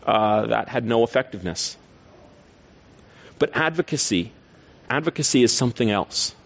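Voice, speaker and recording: A man's voice: medium pitch, highs cut off. Earnest male preacher asking rhetorical questions. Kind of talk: sermon.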